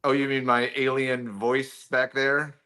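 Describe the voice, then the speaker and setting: Bright-voiced older man, laid-back joker. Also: medium pitch, flat delivery, measured pace. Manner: laid-back, joking, rambling with restarts. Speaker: show regular. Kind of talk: casual chat.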